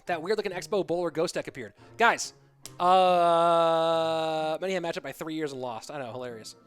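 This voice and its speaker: A man casting a video game tournament on a live stream, chatty and excitable, talking to his chat between matches. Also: a little high, moderate pace, clean tone. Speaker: esports caster. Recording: music bed behind voice.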